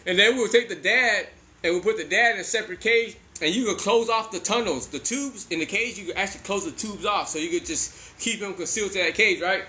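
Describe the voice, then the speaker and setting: A man's voice: sits high, pushed and bright. A man in his forties telling a funny childhood story in casual, profane slang, laughing often as he goes.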